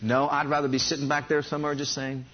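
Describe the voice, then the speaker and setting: A man's voice: a little high, racing, highs cut off, a little hiss or hum. A man preaching a sermon, telling stories from his own life and speaking directly to the congregation. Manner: animated storytelling, addresses congregation directly.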